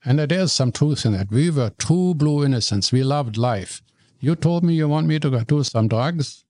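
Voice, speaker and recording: An older man, a guest telling stories in an animated way, often stumbling and repeating words. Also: fairly high pitch, normal speed, no room sound. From Germany. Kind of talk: storytelling in conversation.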